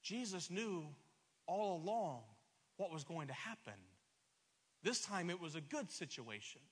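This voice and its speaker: A middle-aged man preaching a sermon, emphatic and stumbling over repeated words, swinging between loud and soft. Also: on the high side, breathy edge. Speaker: pastor. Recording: long hall reverb.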